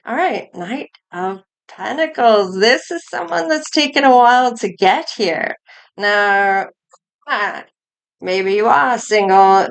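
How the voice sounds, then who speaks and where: A woman's voice: mid-range voice, clean tone. A woman giving a collective tarot reading, musing aloud as she turns over each card. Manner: slow, musing, thinking aloud between cards. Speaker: tarot reader.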